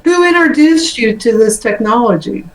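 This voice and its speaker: A woman hosts an interview, asking short, halting questions. Her voice sits a little high and has a roomy echo around it. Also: lively intonation. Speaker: channel host.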